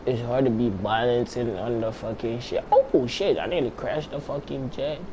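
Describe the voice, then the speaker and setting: A man's voice: medium pitch, steady tone, moderate pace, background noise. A young man giving casual, slangy, profane commentary as he plays a video game, talking to himself between moves. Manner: slangy, profane, talks to himself while playing. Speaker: gameplay commentator.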